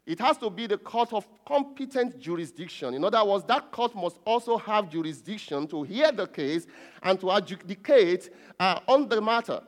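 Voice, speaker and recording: A man's voice: high voice, lively intonation, moderate pace, big-room sound. A man preaching a sermon as pastor, teaching a point step by step and repeating key words for emphasis, with light chuckles. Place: church hall.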